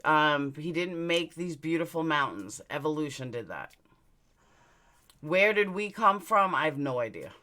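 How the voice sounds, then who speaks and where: A woman with a low, forceful voice talks straight into her webcam on a casual live stream. She is blunt and candid, swears without a second thought, and lets her personal stories ramble on. The delivery has a sharp edge to it. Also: very animated, measured pace. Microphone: webcam mic, looking into camera.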